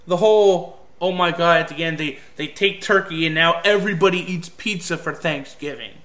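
A man with a high, bright voice rants through a film review at a moderate pace. Exasperated and sarcastic, he swears freely while picking the movie apart.

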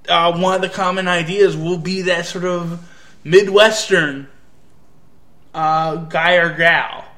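A man from the United States talks through a review in a loose, hesitant way, often restarting his sentences. His voice sits a little high and sounds bright and forceful. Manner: hesitant, rambling, frequent restarts. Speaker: anime reviewer. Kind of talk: casual spoken review.

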